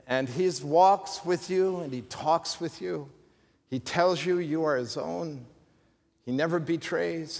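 Preacher, man, slightly higher voice, chatty sermon delivery, church hall reverb. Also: takes it slowly, vocal fry, darkish tone. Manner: conversational preaching with asides and humor. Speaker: pastor. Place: church sanctuary.

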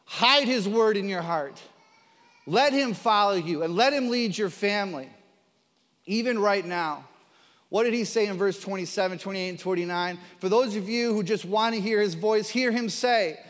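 A man's voice: sits high, normal speed, a bit bright, big-room sound. A man preaching a sermon as pastor, earnest and building to emphatic, repeated declarations. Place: church sanctuary.

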